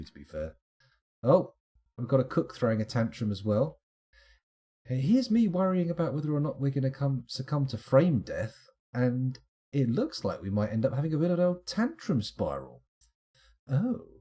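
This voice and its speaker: A man's voice: medium pitch, dark tone, slightly rough. A man streaming a game live, thinking aloud in a chatty, self-mocking way. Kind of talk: live gameplay commentary.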